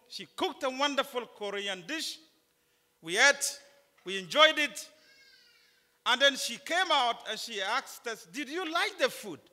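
With a Ghanaian accent, this man from northern Ghana lectures students at a chapel conference, his high, bright voice forceful and emphatic. He repeats key points and jokes with them as the large chapel's long reverb trails each line.

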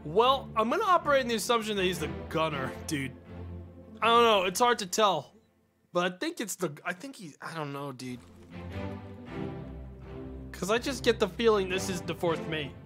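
Male streamer, high voice, thinking aloud, chatting with viewers, faint music behind. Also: very animated, normal speed, pauses often. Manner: thinks aloud, talks to chat. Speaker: gaming streamer. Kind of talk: casual live-stream commentary.

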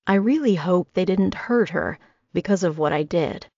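Low, gravelly woman narrating. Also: animated, normal speed, a little mellow, dry recording. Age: 20s. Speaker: audiobook narrator. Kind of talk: first-person audiobook narration. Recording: dry, slightly dull audio.

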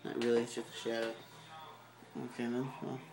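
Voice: medium pitch, little pitch movement, a little fast. A vlogger talking casually and offhandedly while filming their bedroom, rambling and goofy, on a handheld camera. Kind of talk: casual rambling home video.

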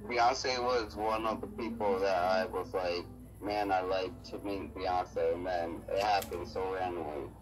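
Man, radio co-host, laid-back, reading news, very low voice. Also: fairly even intonation, unhurried. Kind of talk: casual radio chat and reading news aloud. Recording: noisy line.

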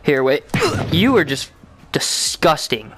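A young adult gamer narrates their VR play loosely, taunting and cursing at the people in the game. The pitch leaps all over the place while the delivery stays slow and drawn out. Faint game music plays behind the voice. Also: very animated. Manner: rowdy, swearing, talking to game characters; bursts into shouts and loud laughter. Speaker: gaming video host. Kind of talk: casual VR gameplay commentary.

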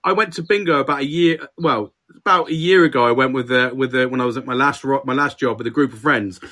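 A man's voice: medium pitch, quick pace, pushed and bright. A man co-hosting a podcast, talking candidly and swearing in casual banter. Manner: sweary, candid, self-deprecating. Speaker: podcast co-host.

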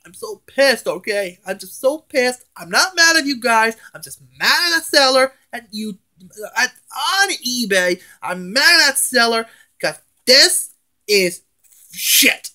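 A man's voice: very high voice, animated, unhurried, pushed and bright. A man ranting in a casual home vlog, angry and swearing, often stammering and restarting his words. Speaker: vlogger. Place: at home, indoors.

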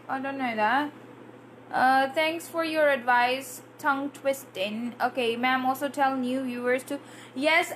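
A woman's voice: sits high, pushed and bright, a little hiss or hum. A woman English trainer and IELTS coach giving a live-streamed Q&A lesson, drilling tongue twisters aloud and answering viewer comments.

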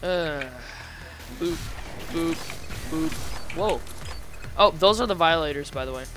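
A man's voice: fairly high pitch, takes it slowly. Teasing American guy over game music. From Indiana, United States. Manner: joking, teasing, goofy. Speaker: gamer host. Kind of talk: casual gameplay commentary.

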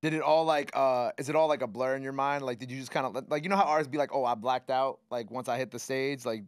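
A man hosting a radio interview, loud and hyped at first, then chatting in a slangy, swearing way. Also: mid-range voice, steady tone, fast, smooth, no echo, studio quality. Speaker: radio show host. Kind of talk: hype interview chat.

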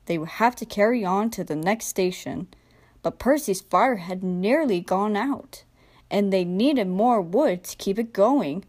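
A young woman narrating a children's train storybook in a gentle, expressive read-aloud manner. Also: mid-range voice, unhurried. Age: young adult. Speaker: storybook reader.

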